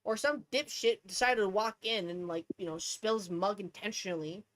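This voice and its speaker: A woman's voice: mid-range voice, moderate pace, crowd noise. A woman streamer telling rambling, profane stories in a casual rant. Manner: profane, rambling, animated storytelling. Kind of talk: casual ranting chat.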